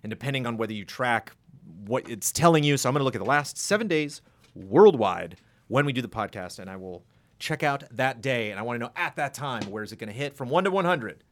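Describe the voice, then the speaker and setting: A podcast host in easy conversation, his voice swooping up and down as he tells stories. He is animated and playful, jumping into little voices. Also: mid-range voice, a little fast. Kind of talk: casual chat.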